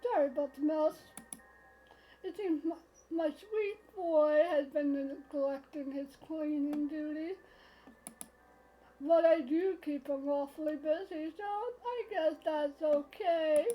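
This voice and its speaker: A woman's voice: high-pitched, slow, lo-fi sound, faint music behind. A woman voicing a teasing, bubbly God. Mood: chatty. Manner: teasing, playful and bouncy. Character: brash upbeat female God, teasing and chatty. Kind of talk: reading a visual novel aloud on a live stream.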